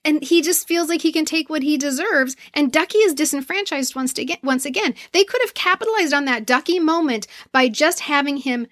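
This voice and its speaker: A woman's voice: high-pitched, brisk, few pauses, a bit bright, no echo, clean studio sound. A woman co-hosting a casual movie podcast, talking in an emphatic, gushing way. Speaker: podcast co-host.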